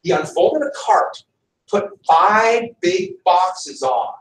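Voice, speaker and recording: A man's voice: sits high, slow. A male history teacher lecturing a class and telling a story, acting out the people in it. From Montana, USA. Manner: animated storyteller, voices his characters. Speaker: high school history teacher. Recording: echoey classroom, mic at a distance.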